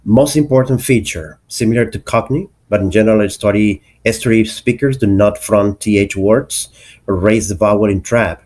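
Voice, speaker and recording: A man's voice: on the low side, normal speed, a little mellow. A man teaching an English pronunciation lesson, carefully enunciating each example word.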